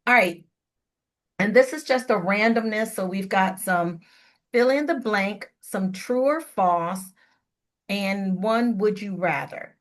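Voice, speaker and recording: A woman's voice: medium pitch, slow pace. Woman, middle-aged, radio host, casual chat, playful, laughs easily.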